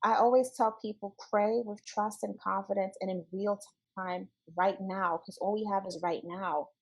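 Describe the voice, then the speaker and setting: A woman's voice: medium pitch, fairly even intonation, moderate pace, slightly rough, low-quality recording. A woman guest speaking earnestly in a spiritual interview, stressing her points by repeating key phrases. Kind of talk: casual spiritual conversation.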